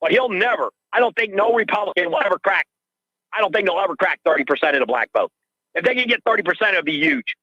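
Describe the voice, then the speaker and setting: A man's voice: sits high, lively intonation, fast, no room sound. An older man calling in to a radio show, ranting in an agitated way and repeating himself, heard through dull lo-fi call audio. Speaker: caller.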